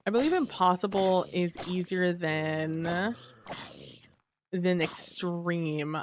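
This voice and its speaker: A woman streaming a game live, chatting casually with her viewers while she plays, sleepy and relaxed. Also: lowish voice, takes it slowly, noisy background. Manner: relaxed, chatty, muses aloud to chat. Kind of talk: casual live gameplay chat.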